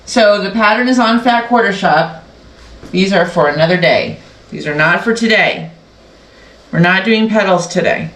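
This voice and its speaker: A woman hosts a quilting channel, her medium-pitched voice fairly bright as she chats casually and rambles while sewing along, often cutting herself off mid-sentence. The recording comes from an echoey room with a faint hum of background noise.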